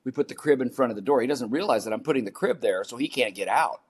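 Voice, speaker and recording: A man's voice: medium pitch, lively intonation, fast talker, breathy edge. A man in his seventies, a podcast guest, earnestly telling a personal story and repeating key phrases for emphasis.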